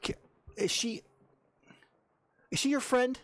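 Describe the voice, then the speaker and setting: A man's voice: fairly even intonation, slow pace, a bit bright, exaggerated voice. A man voicing an indignant, jealous woman who confronts a rival. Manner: shrill and indignant.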